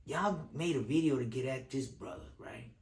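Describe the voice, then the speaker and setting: A man's voice: medium pitch, moderate pace, darkish tone, roomy sound. A man giving casual video commentary, talking in streetwise slang and repeating lines for emphasis.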